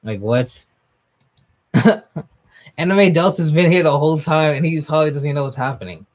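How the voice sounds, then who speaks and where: A young man live-streaming a manga reaction, reading aloud, laughing often and talking to his chat. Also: moderate pace. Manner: excitable, laughs often, jumps up in pitch when hyped.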